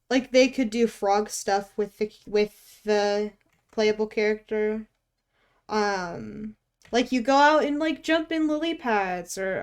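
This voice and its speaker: Woman, art streamer, casual chat, unhurried pace, self-deprecating, casual swearing. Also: mid-range voice, smooth. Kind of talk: casual live-stream chat while drawing.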